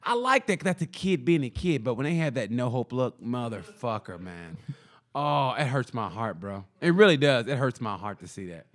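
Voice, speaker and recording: A man co-hosting a comedy podcast, chatting casually and profanely, acting out little scenes with sudden loud outbursts. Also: mid-range voice, normal speed. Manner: animated, profane, acts out voices with loud outbursts. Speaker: podcast co-host.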